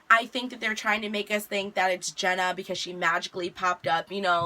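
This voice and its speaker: Young woman, casual vlog recap, chatty storytelling, bright voice. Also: mid-range voice. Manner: chatty, animated retelling with quick asides. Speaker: vlogger recapping a TV episode.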